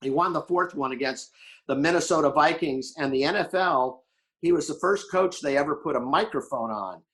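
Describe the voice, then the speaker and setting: An older man from Florida, a podcast guest telling animated stories and acting out the people he quotes. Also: on the high side, normal speed. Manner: animated storyteller who acts out quotes. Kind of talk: casual storytelling chat.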